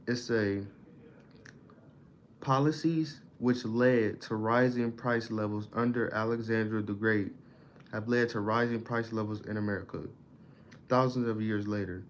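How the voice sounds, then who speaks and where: A man reading a book aloud in a casual study session, stumbling over words and stopping to explain them in plain slang. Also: fairly low pitch. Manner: reads haltingly, stumbles on words, pauses to define them in slang. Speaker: self-taught reader explaining a book. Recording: dull lo-fi audio, faint background noise.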